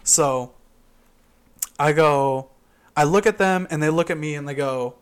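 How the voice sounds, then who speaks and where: A man's voice: on the high side, unhurried, smooth. A young man hosting a podcast, telling a heated story full of cursing. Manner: profane, heated retelling with loud quoted outbursts. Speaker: podcast host. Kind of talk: casual chat, storytelling. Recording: poor laptop recording.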